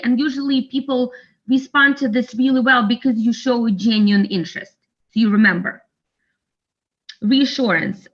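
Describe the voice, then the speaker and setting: A woman giving an instructional talk on de-escalation in a calm, measured, coaching tone over a video call. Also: a little high. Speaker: webinar presenter. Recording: slightly dull online webinar audio.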